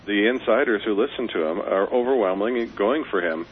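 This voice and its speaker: A man's voice: lowish voice, fairly quick, slight background noise. Man calling in over a tinny phone line. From Colorado. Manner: earnest and persuasive, with fillers. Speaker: caller. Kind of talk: phone-in talk. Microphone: telephone.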